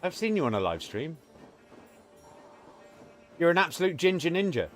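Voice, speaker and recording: A man's voice: on the high side, very animated, normal speed, faint music behind. A man, cracking crude teasing jokes in casual podcast banter. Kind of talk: casual chat.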